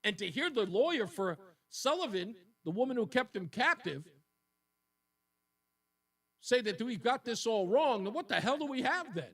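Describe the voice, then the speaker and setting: Male talk radio host, high-pitched, indignant and emotional, a little off mic. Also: sing-song, normal speed, a bit bright, far from the mic. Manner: indignant, emotional, repeats points for emphasis.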